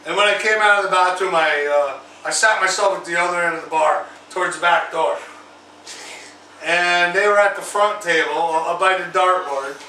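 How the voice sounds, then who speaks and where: A man hosts his own drinking vlog, swearing his way through a rambling, animated bar story. His voice sits high and sounds bright and sharp. It is recorded in a roomy, echoey space with faint background noise. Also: moderate pace, recorded from a distance. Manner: profane, rambling, animated retelling. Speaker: vlog host. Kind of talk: crude storytelling over drinks.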